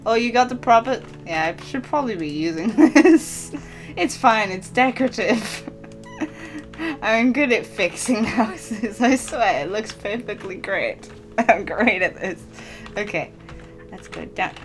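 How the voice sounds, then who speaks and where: A fairly high-voiced woman chatting in character during a casual game role-play, giggling and teasing as she goes. Her voice has a light, slightly raised pitch. Soft game music plays faintly underneath. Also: animated, slow pace. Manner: giggly, playful, often laughing mid-sentence. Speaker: lead voice actor and player.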